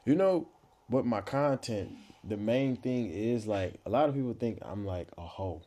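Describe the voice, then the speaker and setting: A man's voice: medium pitch, lively intonation, a little slow, dark tone. A man in his twenties, a podcast guest, chatting casually in a laid-back, slangy, playfully boastful way. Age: 20s. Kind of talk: casual chat.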